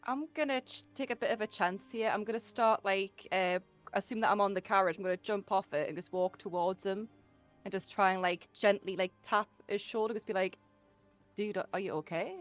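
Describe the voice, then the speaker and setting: A woman's voice: medium pitch, brisk. A woman playing in a tabletop game, casual and chatty, peppering her speech with fillers, over background music. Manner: casual, chatty, says "like" a lot. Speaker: player.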